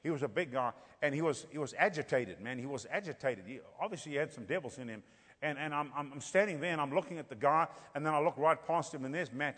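A man's voice: medium pitch, a bit bright. A man with an African accent preaching a sermon, telling stories and building to fervent emphasis. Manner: storytelling, rising to fervent emphasis. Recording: long hall reverb.

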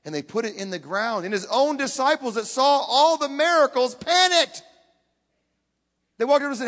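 A man preaching a sermon, emphatic, swinging between loud bursts and hushed lines. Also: very high-pitched, expressive, moderate pace. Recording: long hall reverb.

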